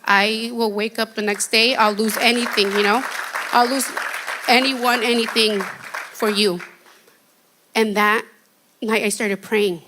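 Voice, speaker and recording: A shy woman giving an earnest, halting testimony in a church interview. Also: on the high side, fairly even intonation, bright, forceful tone, some chatter behind, a little hiss or hum.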